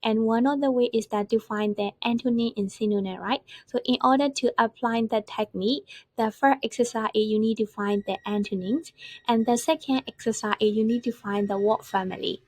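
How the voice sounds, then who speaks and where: A woman gives a patient vocabulary lesson. Her voice sits a little high and sounds dry and close, with no room around it. She explains step by step and repeats each word slowly to show its stress. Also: steady tone, a little mellow, dry recording. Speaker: English teacher. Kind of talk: vocabulary lesson over slides.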